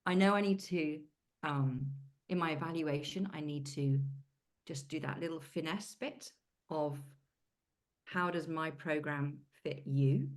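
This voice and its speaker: Low-voiced British woman, coaching client on a video call, chatty and candid. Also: measured pace. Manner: chatty, swears casually, British idioms. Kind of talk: casual group coaching call.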